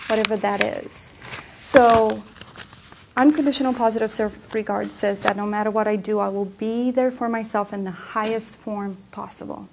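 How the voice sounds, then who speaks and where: A woman's voice: medium pitch, steady tone, normal speed, gravelly, a little hiss or hum. A woman coach giving a presentation talk, telling personal stories in an earnest way. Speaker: emotional health coach. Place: center for women presentation room.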